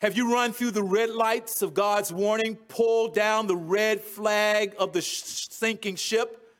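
A man with a notably high voice delivers a sermon, walking his listeners through a scripture passage verse by verse. He retells the story in casual, modern words and laughs along at his own humor. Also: fairly even intonation, takes it slowly. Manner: chuckles at his own jokes. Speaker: preacher. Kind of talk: expository sermon.

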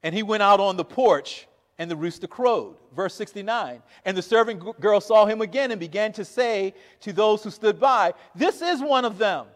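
Animated high-voiced preacher in a hall. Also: male voice, moderate pace, hardly any pauses. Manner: animated, acts out quoted lines with laughs. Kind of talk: sermon.

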